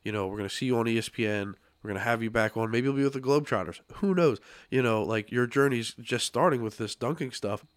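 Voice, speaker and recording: A man's voice: medium pitch, fast, hardly any pauses, no echo. A man hosting a podcast studio chat, upbeat and encouraging, his voice a little worn as he loses it. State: losing his voice. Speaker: podcast host.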